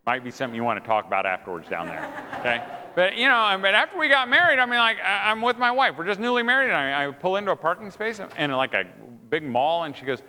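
A middle-aged man delivers a humorous sermon in a large hall, his bright voice leaping up and down in pitch. He jokes with his listeners and acts out the people in his stories. A long reverb trails behind every phrase. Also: fast. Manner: animated, jokey, acts out quoted voices. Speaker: speaker at a marriage event. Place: large hall before an audience.

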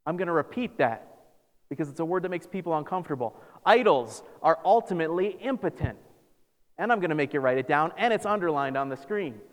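A man preaching a sermon as pastor, animated, acting out scripture with sarcastic asides. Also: on the high side, a little fast. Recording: long reverb of a large hall.

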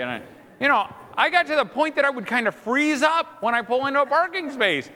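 A middle-aged man giving a humorous sermon to an audience in a large hall, animated and jokey, acting out the voices of the people in his stories. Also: extremely high pitch, a little fast. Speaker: speaker at a marriage event. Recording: long hall reverb.

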